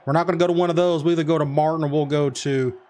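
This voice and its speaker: A man talks through a football video game in a casual commentary. His voice sits a touch high, and he mutters play calls and quick reactions as though half talking to himself. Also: fairly even intonation, darkish tone. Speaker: gaming commentator.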